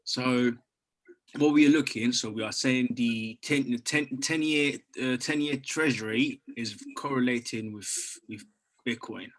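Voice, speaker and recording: A man in casual chat about trading, excitable and swearing, calling his friend bro. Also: medium pitch, unhurried, rough recording. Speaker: trader.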